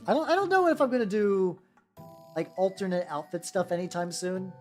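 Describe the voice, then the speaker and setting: A woman's voice: lowish voice, very animated, brisk, darkish tone. A woman streaming while she paints miniatures, rambling casually, swearing freely and greeting her chat by name. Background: faint background music.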